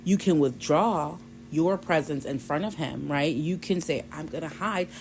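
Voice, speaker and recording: A low female voice with vocal fry and a darkish tone speaks at a measured pace; the low-quality audio carries a little hiss or hum. In casual Bible study fashion, she hosts a devotional podcast, retelling scripture conversationally with quoted voices and soft laughs.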